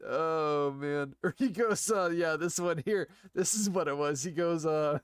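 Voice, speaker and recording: A man's voice: on the high side, unhurried, clean tone, no echo. A young man streaming live, chatting casually in a rambling, profane way and laughing often. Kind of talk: casual chat while streaming a game.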